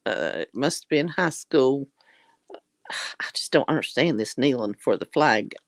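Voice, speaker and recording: A woman's voice: rumbling low, expressive, measured pace, no room sound. A woman with a Southern US accent chatting casually with viewers on a livestream, folksy and affectionate, calling people honey and blessing their hearts. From Southern United States. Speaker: livestream host.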